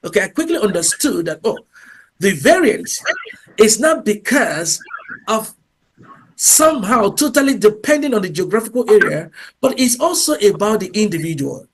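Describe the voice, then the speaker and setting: A man's voice: high-pitched, very animated, normal speed, slight background noise. A man speaking as a guest in an interview, talking emphatically and peppering his answers with "you know" and "okay". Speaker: guest speaker, English teacher.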